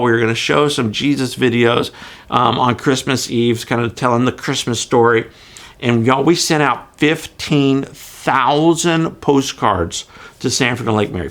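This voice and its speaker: Middle-aged man, pastor; animated, folksy devotional storytelling, mid-range voice. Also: medium pitch.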